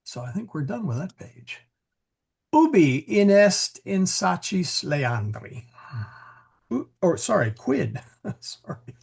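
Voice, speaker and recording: A man's voice: sits high, sing-song, slow, creaky, darkish tone, slightly rough. A man teaching a Latin class, explaining grammar as he thinks aloud, with many fillers and restarts.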